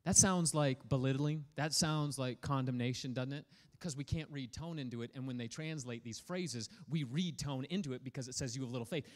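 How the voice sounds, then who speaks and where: A pastor preaching a sermon in an energetic, playful way, prodding the congregation to respond. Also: male voice, medium pitch, brisk, hardly any pauses. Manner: energetic, playful, prods the audience for feedback.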